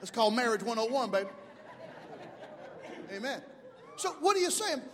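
A man in his fifties from Mobile, Alabama, preaching a sermon as pastor, animated, swinging from shouts to hushed asides. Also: extremely high pitch, normal speed, a faint crowd, a little hiss or hum. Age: 50s. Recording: long hall reverb.

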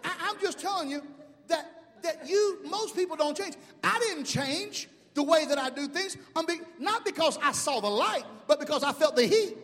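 A man in his fifties from Mobile, Alabama, preaching a sermon as pastor, animated, swinging from shouts to hushed asides. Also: very high voice, normal speed. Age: 50s. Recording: long hall reverb.

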